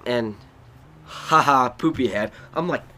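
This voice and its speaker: Slow, bright-voiced man rambling through stories. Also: medium pitch. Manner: rambling, animated, bursts into loud acted shrieks. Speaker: podcast host. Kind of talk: casual storytelling.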